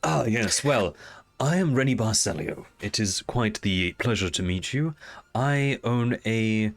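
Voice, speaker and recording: A man's voice: fairly low pitch, animated. A man doing a genteel, formal landlord. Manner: polite, drawn-out, formal.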